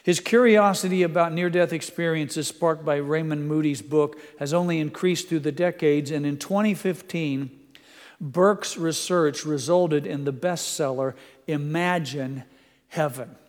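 A man preaching a sermon, reading quotes aloud in an earnest voice and moving into a quiet prayer. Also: a little high, unhurried, long reverb tail.

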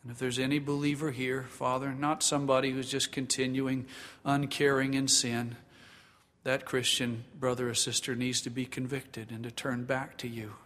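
A pastor preaching a sermon in a church sanctuary, earnest and emphatic, then leading a prayer. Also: male voice, mid-range voice, little pitch movement, moderate pace, a bit bright. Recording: long reverb of a large hall.

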